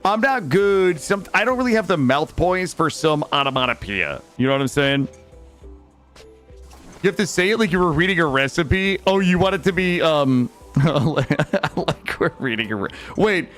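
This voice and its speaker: Young man, playful streamer, lively up-and-down voice, slightly high, soft music behind. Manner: playful, chats with viewers, swears casually. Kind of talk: casual gaming stream chat.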